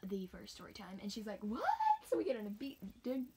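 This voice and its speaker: A young woman with a mid-range voice talks fast over heavy noise. A homeschooled cross-country runner, she tells a chatty, rambling story about her race, now and then slipping into whispers.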